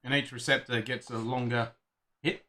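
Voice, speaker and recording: An Australian man co-hosting a casual whisky tasting, agreeable and quick to chime in. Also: mid-range voice, flat delivery, sharp tone. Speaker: whisky show co-host.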